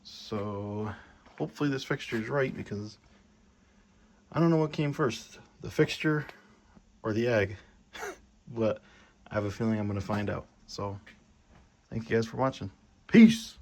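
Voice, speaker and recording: A young man thinking aloud and getting excited as he works in a home workshop, filming a casual maker vlog. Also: lowish voice, measured pace, long pauses, a little hiss or hum. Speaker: maker vlogger.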